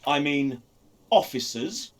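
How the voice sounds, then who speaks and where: Chatty local man, read by a man in his own voice, lively and a touch high. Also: slow, full character voice. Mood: friendly.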